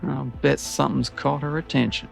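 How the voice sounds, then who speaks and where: A man doing a supernatural patron that murmurs inside a character's head, musing and unhurried. The voice sits at a middling pitch with a gravelly edge. It keeps a dry, curious tone. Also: steady tone, faint music behind. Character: otherworldly patron spirit, chatty, curious.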